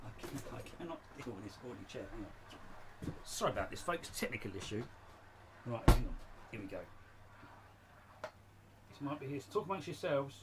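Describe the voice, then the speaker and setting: A man's voice: medium pitch, big pitch swings, moderate pace, pauses often, heavy background noise. A man hosting a casual live stream from his shed, rambling and chatty, often laughing as he talks. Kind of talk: casual chat. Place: home shed.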